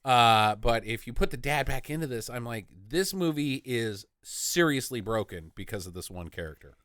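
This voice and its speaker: Lively bright-voiced man joking about movies. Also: medium pitch, normal speed, no echo, studio quality. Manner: profane, joking, animated. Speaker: podcast co-host. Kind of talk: casual comedic movie chat.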